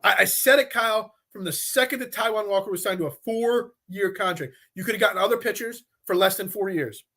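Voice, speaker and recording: A male sports talk host who argues his points, stacking restarts and repeated phrases. His voice sits high and sounds bright and forceful. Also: a little fast. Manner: animated, repeats himself when making a point.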